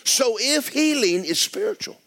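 A man preaching a sermon as pastor, swinging from loud exclamations to hushed, near-whispered lines. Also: extremely high pitch, big pitch swings, normal speed, gravelly.

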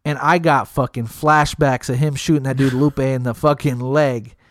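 A man's voice: mid-range voice, normal speed. A man telling a long story in casual talk, swearing a lot and jumping into other people's voices as he quotes them. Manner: profane, animated, jumps into other people's voices.

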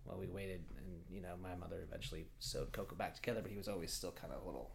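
A man with a fairly low voice chatting on a podcast. He wanders through anecdotes, full of likes and ums, relaxed and conversational. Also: very fast, vocal fry, a little hiss or hum. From Oregon. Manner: rambling storyteller, lots of fillers. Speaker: podcast host. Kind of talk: casual chat.

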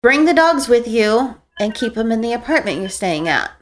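A woman's voice: a little high, sing-song, moderate pace. A woman in casual conversation, giving short blunt replies. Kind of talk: casual chat.

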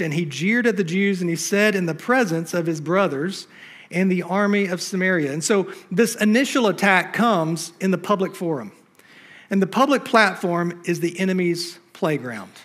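A man's voice: high-pitched, fairly bright tone. Man preaching an emphatic sermon. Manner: emphatic, rhetorical questions to the congregation. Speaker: pastor. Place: church stage.

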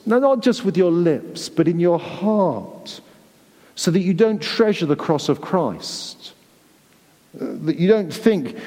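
Earnest preacher in a reverberant church. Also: male voice, on the high side, darkish tone. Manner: earnest, pleading, with frequent word repeats. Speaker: pastor. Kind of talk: sermon.

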